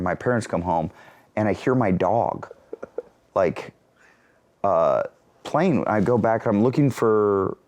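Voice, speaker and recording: Animated comedian man telling a story. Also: fairly low pitch. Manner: energetic, acts out characters. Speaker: comedian guest.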